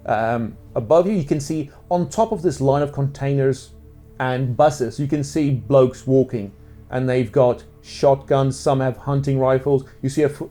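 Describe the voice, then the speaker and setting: Rambling New game master. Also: male voice, medium pitch, warm tone. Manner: casual, rambling, full of fillers. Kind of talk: narrating a tabletop role-play.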